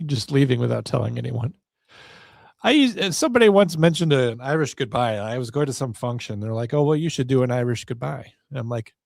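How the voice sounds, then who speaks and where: A man's voice: medium pitch, vocal fry, darkish tone, no echo, clean studio sound. A man hosting a solo podcast, rambling in a wry, self-deprecating way. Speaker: podcast host.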